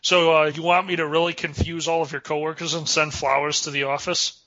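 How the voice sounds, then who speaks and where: A man trades crude jokes on a casual podcast, his voice bright and a touch high. He talks in an animated, joking way and often slides into laughter. The recording is dry and a little dull. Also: fairly quick, no echo. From Chicago area. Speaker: podcast co-host. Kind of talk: casual crude comedy banter. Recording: dry, slightly dull lo-fi sound.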